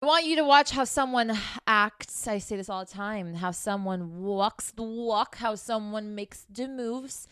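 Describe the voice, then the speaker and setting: A woman's voice: mid-range voice, normal speed, a bit bright, clear, resonant tone, no room sound, clean studio sound. Blunt, swearing woman dating coach. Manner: blunt, scolding, heavy swearing; casual, conversational. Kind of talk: advice monologue.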